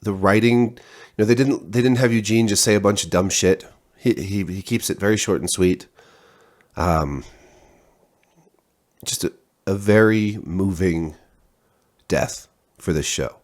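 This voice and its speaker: Guy with a really low voice chatting through a show review, lots of um and restarts. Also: a little slow, long pauses, darkish tone. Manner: rambling, many restarts and fillers. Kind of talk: casual spoken review.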